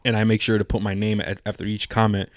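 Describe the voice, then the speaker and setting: A lowish-voiced man co-hosting a podcast, telling stories in loose, profane chat. The sound is dry and close. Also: quick pace, no echo. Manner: profane, animated storytelling. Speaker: podcast co-host.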